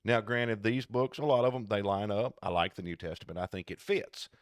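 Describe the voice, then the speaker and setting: A man co-hosting a casual podcast chat, talking in an animated, digressive, jokey way. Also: fairly low pitch, fairly quick, dry recording, studio quality. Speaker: podcast co-host.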